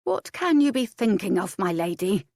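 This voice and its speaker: A woman's voice: mid-range voice, very animated, normal speed, vocal fry, darkish tone, no room sound. A fussy old nursemaid from an audiobook, voiced by a woman in a raised, complaining tone. She grumbles constantly and is fiercely protective, and the sound is dry and close. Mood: grumbling.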